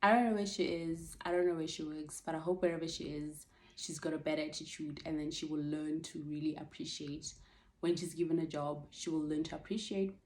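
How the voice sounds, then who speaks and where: A woman telling a story in an animated, emphatic way to camera. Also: low voice, brisk. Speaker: vlogger. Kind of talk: casual storytime monologue.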